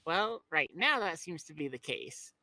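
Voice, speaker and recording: Lively, bright tabletop player. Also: mid-range voice, unhurried, dry recording, low-quality recording. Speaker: player voicing a character. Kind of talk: casual tabletop game chat.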